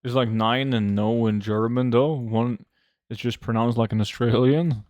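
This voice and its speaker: A man's voice: mid-range voice, fairly even intonation, normal speed, a little mellow, no room sound, dull audio. Joking, swearing gamer man with a dry voice. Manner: joking, swears freely, hums to himself. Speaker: gold-farming game streamer. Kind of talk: casual live-stream chat with viewers. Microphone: desk microphone.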